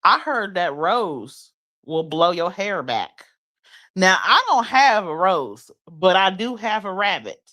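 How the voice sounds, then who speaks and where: A woman's voice: low-pitched, fairly bright tone. Sassy woman livestreamer, blunt and playful. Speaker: livestream host. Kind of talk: casual late-night livestream chat.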